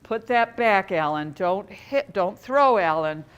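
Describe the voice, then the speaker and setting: A woman putting on an older man in a told joke, talking himself down in a low, measured voice. The delivery is patient and slow, a presenter's everyday voice pushed a little lower. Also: expressive, smooth, muffled recording. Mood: calm. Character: older man calmly coaxing himself in a store.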